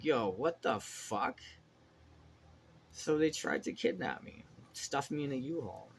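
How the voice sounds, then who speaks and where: A man's voice: medium pitch, a little hiss or hum. A man in a rambling, agitated monologue, swearing constantly and trailing off mid-sentence. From Canada. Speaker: vlogger.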